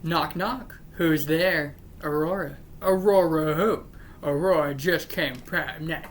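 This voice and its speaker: This is a woman hosting her channel, speaking slowly in a low register over a little hiss or hum. She reads jokes out one by one, unimpressed, and cuts in to grumble that they aren't funny.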